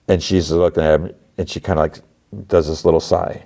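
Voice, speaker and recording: Deep-voiced man rambling through a recap. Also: flat delivery, brisk, mellow. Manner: rambling, filler-heavy retelling. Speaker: podcast host. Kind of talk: casual TV episode recap.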